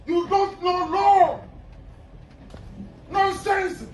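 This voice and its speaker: A man, a defendant shouting defiantly in a crowded courtroom, repeating his protests over and over. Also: extremely high pitch, steady tone, very slow. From Nigeria. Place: busy courtroom. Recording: echoey, distant, with crowd noise.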